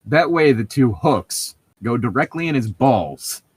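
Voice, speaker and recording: A man's voice: mid-range voice, expressive, unhurried, breathy edge. A man co-hosting a casual podcast, joking and riffing sarcastically while the group reads a book aloud. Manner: sarcastic, riffing, laughs often. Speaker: podcast co-host reading aloud.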